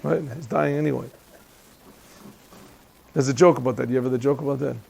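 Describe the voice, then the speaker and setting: A rabbi with a mid-range, gravelly, darkish voice teaches a Chassidic class in a yeshiva classroom, speaking a little fast with fairly even intonation. He's conversational and funny, often turning questions to his listeners.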